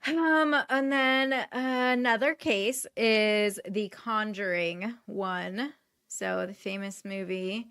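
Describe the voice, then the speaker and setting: Woman, casual podcast storyteller, slow pace, smooth clear voice, giggly, lots of "um"s. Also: mid-range voice, a bit bright. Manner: giggly, with frequent "um" while telling the story. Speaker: podcast co-host. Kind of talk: casual chat, recounting cases.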